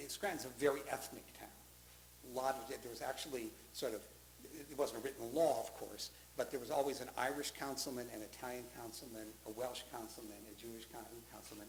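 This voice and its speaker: Man telling stories in an echoey hall. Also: mid-range voice. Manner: anecdotal, acts out quoted voices. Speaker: honoree giving a speech. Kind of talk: storytelling speech. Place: synagogue sanctuary. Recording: echoey room with faint hum.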